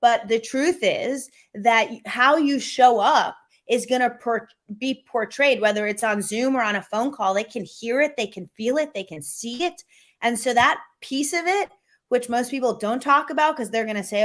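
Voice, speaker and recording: A middle-aged woman, a sales coach, talking as a guest in a video-call interview, energetic and animated, acting out quotes as she tells stories. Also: on the high side, normal speed.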